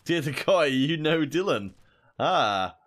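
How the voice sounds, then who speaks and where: A man's voice: fairly high pitch, lively intonation, slow pace, fairly bright tone. A young man casting a mobile shooter tournament alone, chatting with viewers in between plays. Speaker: esports caster. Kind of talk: solo esports commentary reading chat.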